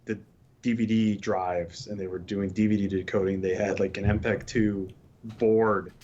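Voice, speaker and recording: A man co-hosting a casual tech talk, halting as he explains technical ideas with examples. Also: lowish voice, little pitch movement, a little mellow, highs cut off, a little hiss or hum. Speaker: podcast co-host.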